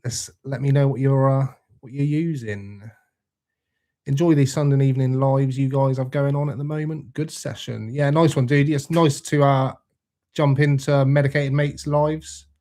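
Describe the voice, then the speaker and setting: A young man with a mid-pitched voice hosts a casual live chat. He is laid-back and swears freely, and he greets viewers one by one as their comments come in. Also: steady tone, normal speed, warm tone. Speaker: livestream host reading chat.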